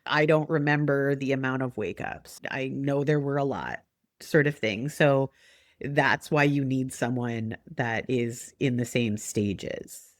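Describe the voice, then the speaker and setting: Lively woman in her forties, dry mic. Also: very deep voice, measured pace, no room sound. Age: 40s. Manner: animated, acts out remembered talk with laughs. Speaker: guest. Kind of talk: casual podcast chat.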